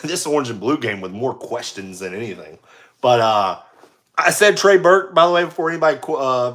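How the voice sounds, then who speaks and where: A young American man giving casual play-by-play commentary, excitable, shouting on big plays and laughing at his own slips. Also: medium pitch. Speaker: amateur sports commentator.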